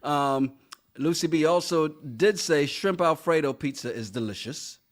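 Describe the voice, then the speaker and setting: A man's voice: on the high side, a little slow. A man co-hosting a casual podcast, reading live chat comments aloud and laughing often. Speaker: podcast co-host.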